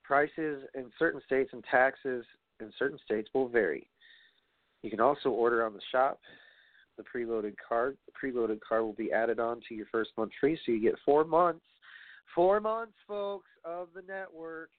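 A man's voice: medium pitch, moderate pace, dry recording. A young man hosting a casual wrestling podcast, rambling and profane with playful asides. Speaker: podcast host. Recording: tinny phone-like sound, dry.

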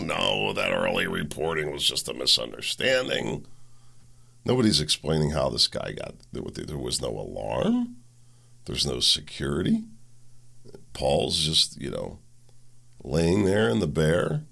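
Male host, very deep and gravelly, indignant sarcastic monologue. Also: a bit bright. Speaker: podcast host. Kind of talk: political commentary monologue.

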